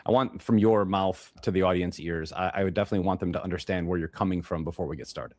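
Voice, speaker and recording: Low-voiced Chicago man hosting a show. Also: fairly even intonation, fast, darkish tone. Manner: rambling, repeats himself and restarts phrases. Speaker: podcast host. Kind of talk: casual monologue introducing a guest.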